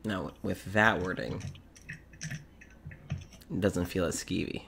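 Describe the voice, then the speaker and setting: A woman playing a gruff fatherly man, dry and teasing. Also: very deep voice, slow, fairly bright tone, a little hiss or hum, full character voice. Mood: wry. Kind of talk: live tabletop role-play.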